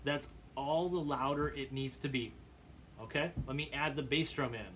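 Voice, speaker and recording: A man giving a percussion lesson, calmly explaining brush patterns and counting beats aloud. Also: mid-range voice, moderate pace, slight background noise. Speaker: percussion teacher. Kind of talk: instructional demonstration.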